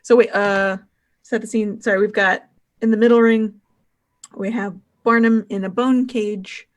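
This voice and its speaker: A woman's voice: mid-range voice, fairly even intonation, unhurried. A woman narrating as game master of a tabletop game, rambling with many fillers.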